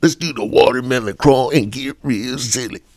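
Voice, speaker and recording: A man's voice: mid-range voice, moderate pace, creaky, a little mellow, no echo, studio quality, voice pushed up. A man voicing a hillbilly male country singer, half singing with humming riffs. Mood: crooning. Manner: sung-spoken, humming "dun dun" riffs.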